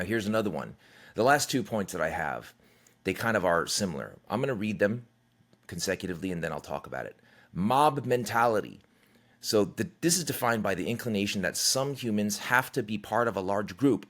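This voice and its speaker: Low-voiced man chatting on a podcast. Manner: conversational and candid, swears freely, acts out quotes. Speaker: podcast host. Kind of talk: casual solo podcast monologue.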